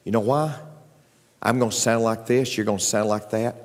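A man preaching a sermon as pastor, joking with the congregation and jumping up in pitch for emphasis. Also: moderate pace. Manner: animated preaching with jokes, voice leaping up in pitch. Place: church sanctuary. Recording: long reverb of a large hall.

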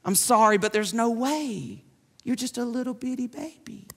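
A man's voice: extremely high pitch, moderate pace, vocal fry, full character voice. A man voicing a patronizing king who talks down to a boy, soothing and condescending. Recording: long hall reverb.

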